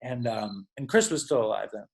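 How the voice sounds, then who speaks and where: A man's voice: medium pitch, expressive, fairly quick, vocal fry. A man telling stories as a podcast guest, rambling and profane and full of "like". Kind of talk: casual storytelling.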